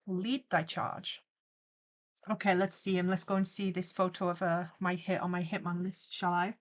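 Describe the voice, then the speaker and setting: A woman's voice: fairly low pitch, flat delivery, a little fast. Playful woman streamer. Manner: playful, theatrical mock-villain rambling with frequent laughs. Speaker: streamer and animator. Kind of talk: casual livestream chat.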